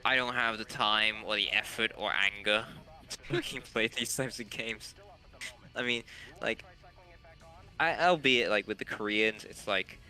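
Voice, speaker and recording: A man's voice: fairly low pitch, a little slow, sharp tone, soft background music. A man chatting casually while gaming with a friend, blunt and sardonic with plenty of swearing. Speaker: co-player.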